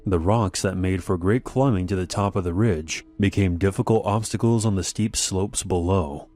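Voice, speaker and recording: A man narrating a scripted horror story in a measured, unhurried way. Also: sits low, a little mellow. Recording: faint background music.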